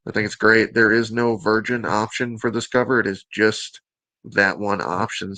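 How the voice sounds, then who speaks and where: A man's voice: lowish voice, sharp tone, no echo. Upbeat Southern man hosting a show. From Alabama. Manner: joking, upbeat, teasing asides. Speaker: host. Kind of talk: casual show presentation.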